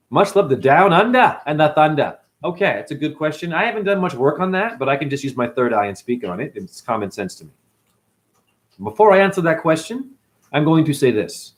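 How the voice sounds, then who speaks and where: Middle-aged guy ranting on a livestream, swears a lot, preachy, voice jumps all over. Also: on the high side. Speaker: spiritual livestream host. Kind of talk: livestream rant answering chat.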